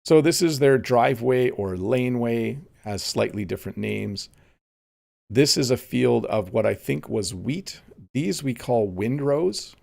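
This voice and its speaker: Gravelly-voiced male English teacher. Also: medium pitch, lively intonation, a little mellow. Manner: unhurried, explains words plainly and reads viewer comments aloud; frequent "um" and "let's see" as he looks around. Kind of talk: relaxed live-streamed lesson while playing a game.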